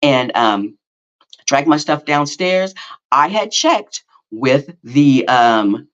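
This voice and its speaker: A man's voice: medium pitch, takes it slowly. Middle-aged man rambling through a story. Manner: rambling, with many fillers and self-corrections; animated, self-mocking storytelling. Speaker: podcast host. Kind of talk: casual storytelling monologue. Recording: slightly dull lo-fi audio.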